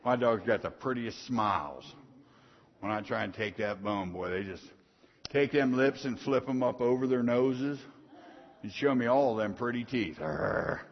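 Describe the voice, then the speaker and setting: A middle-aged man preaching a sermon in a folksy storytelling way, swinging from soft asides to loud punchy lines. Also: medium pitch, normal speed. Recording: dull sound in a long-reverb hall.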